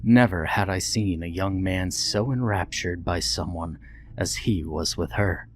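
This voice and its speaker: Deep-voiced man narrating a story. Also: a little slow. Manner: reflective, steady storytelling. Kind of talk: scripted horror story narration. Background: faint background music.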